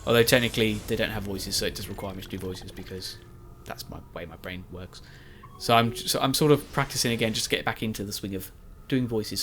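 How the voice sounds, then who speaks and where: Slight background noise sits under this man's lowish, fairly bright voice, which moves at a quick pace. As a Let's Play commentator, he rambles chattily over footage of his own play and makes fun of himself.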